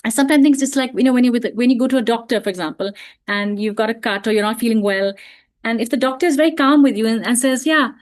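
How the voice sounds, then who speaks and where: Woman, fairly high voice, gentle, reflective, explanatory, frequent "you know", video call talk. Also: quick pace. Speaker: parenting talk speaker. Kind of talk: online parenting talk.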